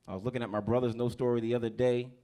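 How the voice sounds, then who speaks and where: A man's voice: medium pitch, steady tone, racing, dark tone. A man in his thirties from New Jersey doing a stand-up set in a comedy club, brash and profane, working the crowd.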